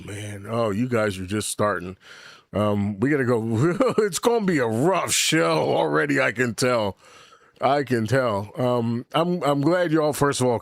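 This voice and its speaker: A man's voice: lowish voice, dry recording, clean studio sound. A middle-aged man hosting his own podcast in a casual livestream chat, rambling candidly, swearing freely and answering his live chat as he goes. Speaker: podcast host. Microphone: desk mic with camera.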